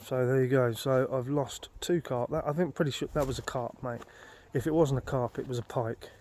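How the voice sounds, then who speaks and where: A man's voice: medium pitch, steady tone, moderate pace, background noise. A man filming a casual outdoor vlog at a lake on a handheld phone, telling a rambling, exasperated story full of swearing. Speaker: vlogger.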